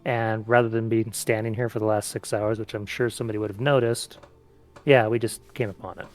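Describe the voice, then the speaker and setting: Male player, measured and analytical. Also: fairly low pitch. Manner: calm, reasoning, in-character.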